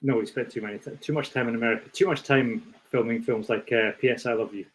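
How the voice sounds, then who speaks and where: A man's voice: mid-range voice, fairly even intonation, fast talker, low-quality recording. A Scottish man hosting a casual podcast chat over a call, joking and self-mocking. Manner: jokey, self-mocking banter. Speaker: podcast host.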